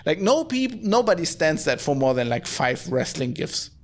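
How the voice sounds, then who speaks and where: A man's voice: fairly high pitch, very animated, moderate pace. A man chatting casually on a podcast, rambling and swearing, with lots of filler words. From Germany. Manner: rambling, profane, heavy use of "like". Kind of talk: casual chat.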